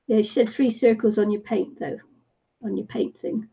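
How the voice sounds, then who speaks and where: A woman's voice: mid-range voice, fairly even intonation, moderate pace, creaky, warm tone, breathy edge, dull audio. A woman from New Zealand hosting a casual craft livestream chat, chatty and laughing often. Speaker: livestream host.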